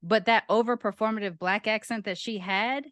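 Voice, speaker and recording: Woman, podcast co-host, emphatic, opinionated, mid-pitched, dry close sound. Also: steady tone, moderate pace, a bit bright, no echo. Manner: emphatic, opinionated, counts points off. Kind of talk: casual podcast chat.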